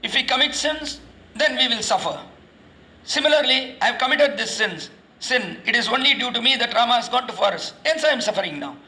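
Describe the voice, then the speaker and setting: A man's voice: very high voice, lively intonation, a little fast, bright, forceful tone, reverberant, exaggerated voice, low-quality recording. A man voicing a grieving young prince who laments that the fault is his own. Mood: self-reproaching.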